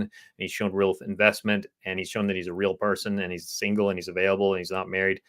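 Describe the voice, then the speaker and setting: A man co-hosting a dating advice show, earnestly explaining relationship ideas and answering viewer questions. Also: deep voice. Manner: earnest, explanatory, quotes women's pleas in a softer voice. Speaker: dating coach co-host.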